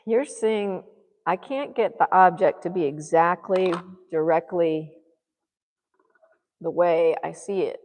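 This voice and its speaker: A woman's voice: lowish voice, takes it slowly, pauses often, darkish tone, long reverb tail. A woman vlogger thinking aloud to herself as she paints, musing in murmured asides. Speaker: art vlogger.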